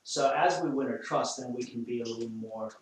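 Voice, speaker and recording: A man with an Australian accent, working as a dog trainer, coaching an owner and gently giving commands to a timid dog. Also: mid-range voice, fairly quick. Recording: very echoey, from a distance, faint noise.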